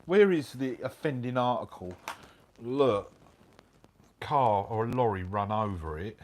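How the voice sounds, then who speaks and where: A middle-aged man telling a motorbike travel story in casual chat, animated and full of slang. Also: medium pitch, unhurried, slight background noise. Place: hotel room, indoors.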